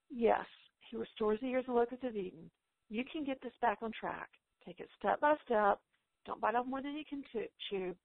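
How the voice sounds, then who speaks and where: Gravelly woman on a tinny line. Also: on the high side, brisk, no room sound. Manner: earnest, preacherly encouragement. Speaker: guest speaker, homeschool author. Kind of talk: encouraging talk and Q&A. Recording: tinny phone-like call audio, dry.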